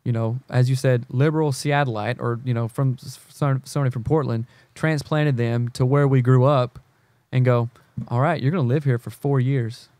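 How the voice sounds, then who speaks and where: A man's voice: medium pitch, steady tone, normal speed, hardly any pauses, darkish tone, no room sound. A man from the American South, a podcast guest, talking earnestly in casual conversation and acting out quoted lines. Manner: earnest, searching, restarts often, acts out quotes.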